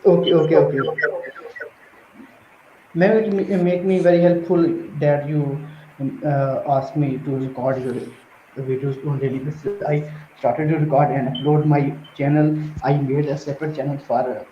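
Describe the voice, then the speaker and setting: A man's voice: fairly high pitch, fairly even intonation, background noise. Earnest Pakistani man on an echoey call. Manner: halting, searching for words with many fillers. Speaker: student in an online class. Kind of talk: live video-call class talk. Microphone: headset. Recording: echoey, muffled call audio.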